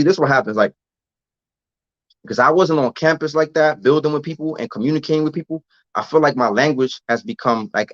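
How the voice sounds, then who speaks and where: A man's voice: medium pitch, fairly bright tone, no echo, highs cut off. A man chatting casually on a livestream, loose and slangy, often restarting and repeating his words. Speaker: vlogger answering live chat.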